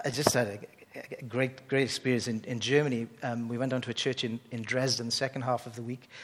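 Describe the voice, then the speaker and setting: A man preaching a sermon in an animated way, often restarting phrases as he builds excitement. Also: medium pitch.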